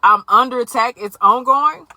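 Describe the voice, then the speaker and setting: A woman's voice: a little high, moderate pace, pushed and bright, dry recording. A woman giving an earnest, conversational faith testimony straight to her viewers. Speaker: Christian vlogger. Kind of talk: candid faith testimony to camera.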